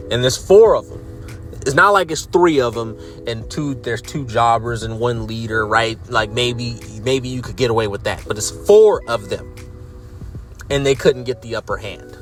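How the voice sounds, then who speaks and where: A man's voice: mid-range voice, fairly bright tone. A man giving a casual ranting recap of a show, sarcastic and profane, repeating words as he gets worked up. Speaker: wrestling commentary YouTuber.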